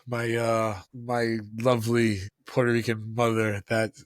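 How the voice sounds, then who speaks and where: A man's voice: mid-range voice, monotone, measured pace, no room sound. A man with a Brooklyn accent, a real estate agent co-hosting a casual podcast in a playful, laid-back way. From Brooklyn, New York.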